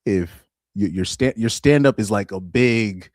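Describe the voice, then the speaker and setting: A man with a deep voice hosting a casual livestream, reading chat and talking in a loose, rambling way with repeated words and frequent laughs. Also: measured pace, darkish tone, no echo, studio quality. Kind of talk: casual live-stream commentary.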